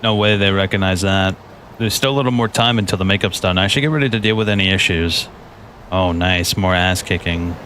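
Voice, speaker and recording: A man casually commenting on his own gameplay as a streamer, relaxed and joking, talking half to himself. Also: low voice, fairly quick, a little hiss or hum. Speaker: gaming streamer. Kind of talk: casual let's-play commentary.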